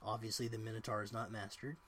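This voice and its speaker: A man narrating as game master of a tabletop game, relaxed, with many fillers. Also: on the low side, fast, a little hiss or hum.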